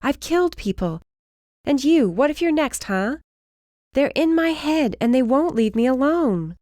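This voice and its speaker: A woman voicing an injured young heroine who is frightened and defiant, her hoarse voice raised and strained. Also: high-pitched, unhurried, a little mellow, dry recording, clean studio sound, pitched above the performer's own voice. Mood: desperate.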